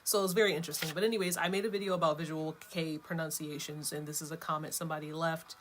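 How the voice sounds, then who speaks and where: A woman with a somewhat low voice talks to her viewers in a loose, rambling vlog chat. She drifts from point to point and laughs easily between thoughts. A faint hum of room noise sits under her voice. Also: fairly even intonation, racing. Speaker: vlogger host. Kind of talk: casual chat.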